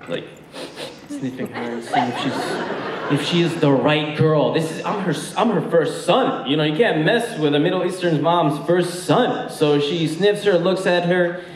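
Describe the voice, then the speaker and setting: Brief: young male stand-up comic, high voice, chatty storyteller, echoey room, mic heard from a distance. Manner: chatty, storytelling, with many fillers. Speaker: stand-up comedian. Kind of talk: stand-up comedy set. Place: comedy stage with a live audience. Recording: echoey venue from far off, faint noise.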